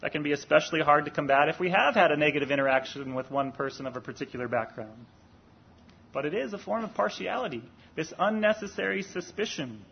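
A man delivers a sermon in a fairly high, husky voice. He speaks earnestly and deliberately and lifts his voice to stress key points. The recording sounds dull and lo-fi. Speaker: preacher.

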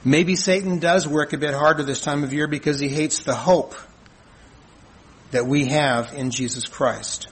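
A man preaching a sermon in an earnest, measured way, asking rhetorical questions and answering them. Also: a little high, steady tone, slight background noise, poor audio. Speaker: pastor.

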